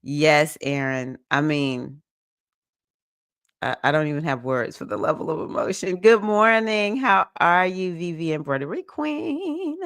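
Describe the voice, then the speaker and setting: A woman astrology reader hosts a casual livestream, chatty and emotional as she greets viewers by name and goes over the week's astrology. Her lowish voice is creaky and fairly bright, with clean studio sound and no room sound.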